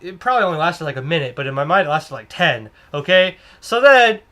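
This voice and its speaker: A young man telling a comedic story about a cashier job in an excitable, exaggerated, rambling way. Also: a little high, brisk. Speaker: comedic vlogger playing a cashier.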